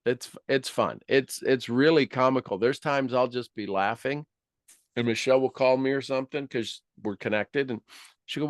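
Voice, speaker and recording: A man speaks as a motivational coach, lively and quick to laugh, acting out the voices he quotes. His voice sits at a middle pitch. The sound is dry and close, with no room echo. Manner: animated, acts out quoted inner voices, laughs often. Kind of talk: motivational talk.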